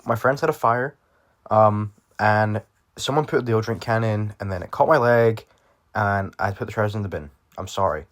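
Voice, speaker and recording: A young man from Britain casually telling a personal story to his viewers, rambling with lots of swearing and fillers. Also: fairly low pitch. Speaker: vlogger.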